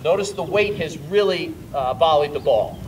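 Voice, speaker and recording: A man's voice: a little high, moderate pace, distant mic, background noise. A man teaching tennis on an outdoor court, explaining volleys while demonstrating shots and calling out coaching pointers. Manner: explaining while hitting balls, bursts of louder coaching. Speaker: tennis instructor.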